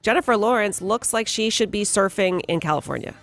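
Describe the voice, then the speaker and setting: A woman's voice: mid-range voice, expressive, fairly quick, soft background music. Woman reading morning radio news. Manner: bright, laughs often while reading stories. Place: radio studio. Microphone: studio mic.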